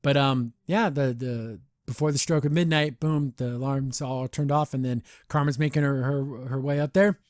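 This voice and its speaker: A man hosting a podcast, reviewing a cartoon episode in an animated, excitable way with many restarts. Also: mid-range voice, moderate pace, hardly any pauses, dry recording, studio quality. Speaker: podcast host. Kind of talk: casual episode review chat.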